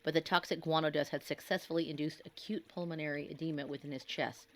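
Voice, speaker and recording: A woman narrating a scripted horror story in a grave, measured, dramatic way. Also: sits low, steady tone.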